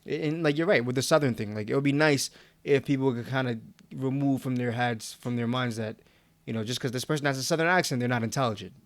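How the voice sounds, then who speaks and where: A man's voice: medium pitch, a little fast, dry recording. A young man co-hosting a podcast, talking casually with slang and laughs. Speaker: podcast co-host.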